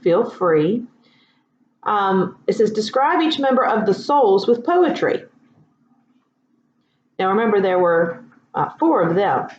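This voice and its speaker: A woman teaching a writing lesson in a casual, relaxed way, with lots of ums and asides. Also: medium pitch, slight background noise. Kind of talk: casual classroom instruction. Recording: echoey room, dull lo-fi sound.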